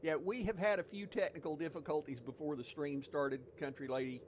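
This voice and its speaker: A man's voice: fairly high pitch, a little fast, slight background noise. A man with a Southern US accent, joking and chuckling with a co-host while streaming a game. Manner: joking, teasing, chuckles often. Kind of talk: casual live-stream chat.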